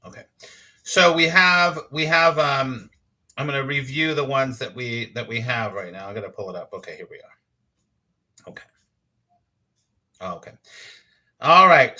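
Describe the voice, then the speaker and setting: A man hosting a casual spiritual talk, reading comments from his audience, emphatic and quick to laugh, sometimes swearing. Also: medium pitch. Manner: animated and emphatic, laughs easily, acts out inner voices. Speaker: spiritual teacher hosting a live morning show.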